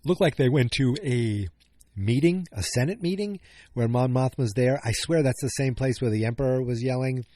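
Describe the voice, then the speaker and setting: A male podcast host talks through an episode recap in a loose, rambling way. He trips over words, corrects himself, and tosses in jokes as he goes. His voice is mellow and dark, recorded close and dry, at a middling pitch. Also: moderate pace, dry recording. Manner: rambling, self-correcting, jokey.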